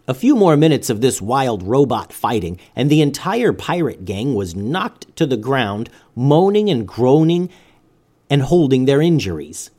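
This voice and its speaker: Male host reading a kids' story, lively melodic delivery, expressive. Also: mid-range voice. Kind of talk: bedtime story narration.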